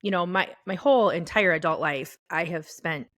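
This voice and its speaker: A middle-aged woman co-hosting a podcast, talking about her faith in a halting, tearful way. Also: on the low side, no room sound. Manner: tearful, halting, soft-spoken. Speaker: podcast co-host. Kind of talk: casual faith chat. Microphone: podcast microphone.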